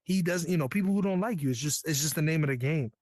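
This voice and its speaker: A man's voice: on the high side, fast, darkish tone, no room sound. A man from New York, a Navy veteran guest, telling his story in a candid, earnest, slangy way. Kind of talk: casual storytelling.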